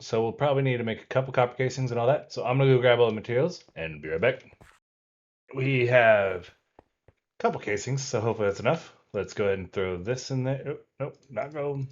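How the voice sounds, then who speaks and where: A man of medium pitch, speaking a little fast, hosts a casual let's-play and explains each step of his video game session aloud as he goes, relaxed and talking himself through tasks. The sound quality is lo-fi.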